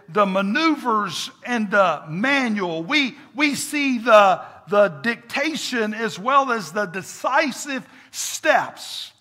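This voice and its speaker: Male pastor, preaching style, bright edge, echoing sanctuary. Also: extremely high pitch. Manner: preaching cadence, repeats words for emphasis, call and response. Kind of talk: sermon. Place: church sanctuary with congregation. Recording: echoey church hall.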